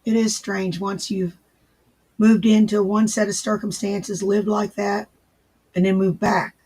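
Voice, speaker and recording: A man hosting a casual livestream, answering viewers in his chat and gently repeating his reassurances. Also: high voice, level tone, a little slow, slightly rough. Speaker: livestream host.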